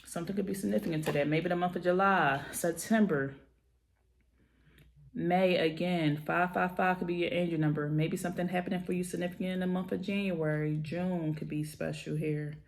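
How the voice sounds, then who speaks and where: A woman's voice: lowish voice, steady tone, fairly quick, gravelly. A woman giving a tarot reading in an emphatic, encouraging way, repeating key phrases for emphasis. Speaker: tarot reader.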